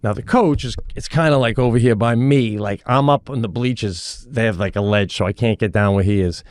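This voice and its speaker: A middle-aged man co-hosting a podcast, telling a story in a casual, animated way and acting out the voices of the people in it. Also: fairly low pitch, brisk, dry recording, studio quality. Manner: animated, acts out quoted voices. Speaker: podcast co-host.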